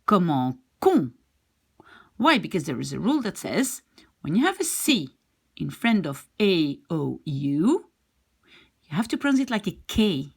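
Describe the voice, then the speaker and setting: A woman's voice: on the low side, vocal fry, slightly rough. A woman teaching a language lesson, explaining patiently, repeating examples step by step, with Dutch as her first language.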